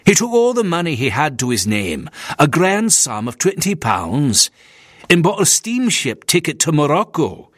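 A man's voice: fairly high pitch, big pitch swings, normal speed, dry recording, clean studio sound, pitched above the performer's own voice. A man voicing a stiff, disapproving Methodist minister with a Scottish accent in an audiobook.

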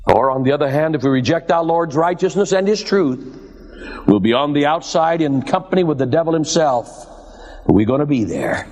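A man's voice: a little fast, darkish tone. Guy preaching a sermon, goes way up and down dramatically, echoey hall sound. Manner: dramatic preaching, swings high and low, addresses listeners as "my dears". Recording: long hall reverb.

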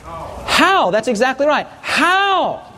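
A man's voice: very high-pitched, takes it slowly, a little hiss or hum. A male pastor preaching a sermon, telling funny stories and quizzing the congregation. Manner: animated, humorous storytelling, quizzing the congregation.

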